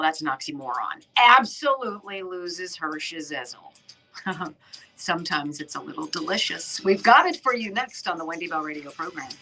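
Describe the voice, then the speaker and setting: A woman's voice: on the low side, sharp tone, rough recording. A woman hosting a talk radio show, delivering commentary in an emphatic, sarcastic way. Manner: emphatic and sarcastic, with mocking put-on quotes.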